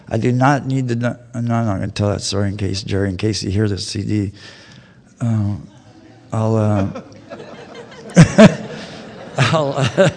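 A man's voice: medium pitch, darkish tone, big-room sound. A man in his fifties giving a personal testimony at a recovery meeting, telling stories in a folksy way with plain slang.

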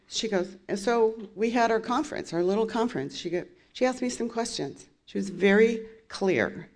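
A woman's voice: lowish voice, a little mellow. A woman in her fifties sharing her recovery story as a candid personal testimony, with wry laughs along the way. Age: 50s.

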